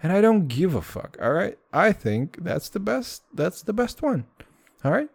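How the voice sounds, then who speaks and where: A man's voice: high voice, very animated, unhurried, vocal fry, no room sound, clean studio sound. A man chatting casually in a vlog, rambling and swearing, often repeating "dude" and "all right".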